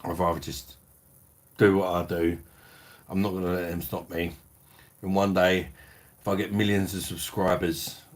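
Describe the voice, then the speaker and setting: Man, British accent, middle-aged, very low voice, blunt casual livestream chat, sweary slang. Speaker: beer review livestream host. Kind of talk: casual live-stream chat reading viewer comments.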